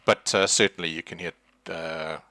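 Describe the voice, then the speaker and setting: A man's voice: sits low, fairly even intonation, moderate pace, sharp tone, no echo. A man narrating as game master, loose and hesitant with many fillers. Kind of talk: narrating a tabletop horror game.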